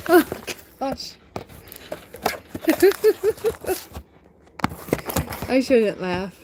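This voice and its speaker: A woman's voice: fairly high pitch, normal speed, background noise. A woman chatting casually on a live stream from home, talking straight to viewers and laughing often.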